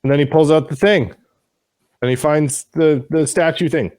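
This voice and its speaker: Animated man recapping a TV episode. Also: on the high side, moderate pace, dry recording, clean studio sound. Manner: animated retelling with mocking voices for the characters; swears casually. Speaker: podcast co-host. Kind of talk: casual TV show recap chat.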